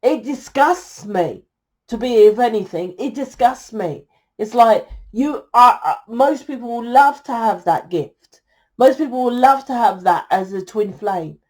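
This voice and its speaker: A woman's voice: on the high side, expressive, a little slow, darkish tone. A woman giving a tarot reading to her viewers, blunt and exasperated, scolding them and swearing freely. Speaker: tarot reader.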